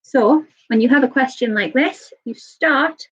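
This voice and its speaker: A woman's voice: high voice, a bit bright, husky. Nervous woman teaching young kids. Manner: patient, repeats "okay?" often, talks a bit fast and nervous. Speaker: early years teacher. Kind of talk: live online maths lesson for young children. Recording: slightly dull lo-fi sound.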